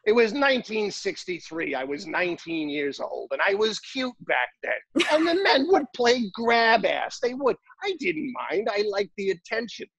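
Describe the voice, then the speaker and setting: A gossipy old woman in her seventies with a thick Brooklyn accent spills saucy stories, as a man puts her on. The voice sits noticeably higher than a man's usual talk. The recording is a little dull and dry. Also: a bit bright, dry recording, exaggerated voice.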